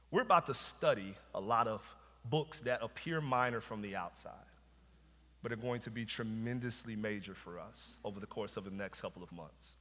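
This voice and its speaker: In a church sanctuary with hall reverb, a pastor with a Southern US accent preaches in a lowish, sharp-toned voice. He tells a story first, then drives his points home with emphasis.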